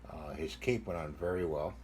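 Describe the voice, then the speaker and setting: A man's voice: rumbling low, moderate pace, darkish tone, a little hiss or hum. A man hosting a casual hobby repair vlog, rambling and talking to himself as he glues models together. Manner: rambling, talks to himself while gluing. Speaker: channel host repairing models.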